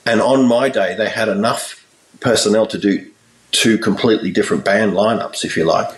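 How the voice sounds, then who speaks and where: A man with a lowish voice tells a long story in a relaxed interview, putting on the voices of the people in it. The sound is roomy, with echo, and he sits a little back from the mic. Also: normal speed, distant mic. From Australia. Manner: animated storyteller, acts out voices in his anecdotes. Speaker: guest musician.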